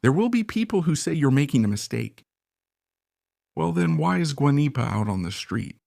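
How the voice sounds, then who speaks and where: Gravelly man giving emphatic commentary. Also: fairly high pitch, big pitch swings, normal speed, a little mellow, no room sound, clean studio sound. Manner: emphatic, repeats points and fires rhetorical questions. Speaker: political commentator. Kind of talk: opinionated current-affairs commentary.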